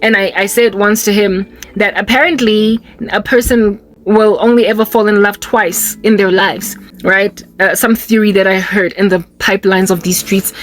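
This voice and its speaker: A young South African woman telling a candid, rambling personal testimony with quick asides. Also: medium pitch, fairly even intonation. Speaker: Christian YouTuber.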